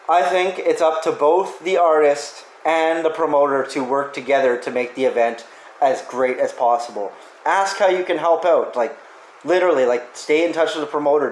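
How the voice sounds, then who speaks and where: A man's voice: fairly high pitch, roomy sound, low-quality recording. A man in a casual question-and-answer vlog, answering fan questions with offhand, profane jokes. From Canada.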